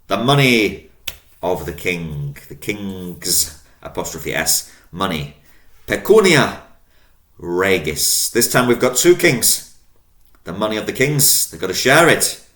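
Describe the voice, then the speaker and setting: A man's voice: deep voice, animated, a bit bright. A man teaching a language lesson online, patiently spelling out word endings and drawing out each new word. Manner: patient, spells out endings, drawn-out vocabulary words. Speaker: Latin teacher. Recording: roomy echo.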